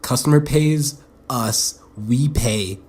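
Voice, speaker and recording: A man's voice: mid-range voice, takes it slowly, a little mellow. Blunt, foul-mouthed young man rambling. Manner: profane, blunt and self-mocking; rambling, with frequent restarts. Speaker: podcast host. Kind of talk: solo rambling podcast monologue.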